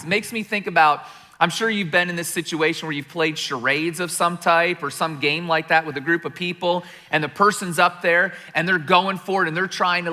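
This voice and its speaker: A middle-aged man preaching a sermon in a large church, conversational and animated, acting out little scenes as he goes. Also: sits high, big-room sound. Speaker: pastor.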